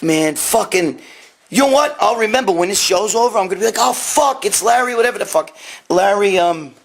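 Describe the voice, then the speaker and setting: A gravelly, slightly rough voice that sits high belongs to a New York man hosting an informal live stream. Swearing and rambling, he reads out questions from viewers on his phone and answers them.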